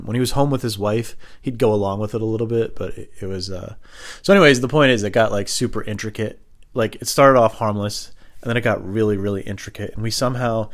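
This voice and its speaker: A young man with a fairly low voice, spinning a rambling story in casual, self-mocking talk. He drifts loosely from point to point and swears now and then. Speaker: host.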